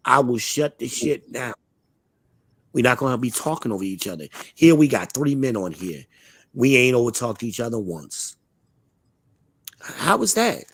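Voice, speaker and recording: A man's voice: mid-range voice, expressive, normal speed, slightly rough, no echo. Blunt, profane man hosting a live talk show. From Charlotte, United States. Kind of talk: casual opinionated chat.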